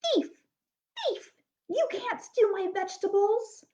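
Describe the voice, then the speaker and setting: A woman voicing a cross, bossy wicked witch who scolds and calls out slowly. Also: very high voice, darkish tone, pitched above the performer's own voice. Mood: angry. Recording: dull lo-fi recording.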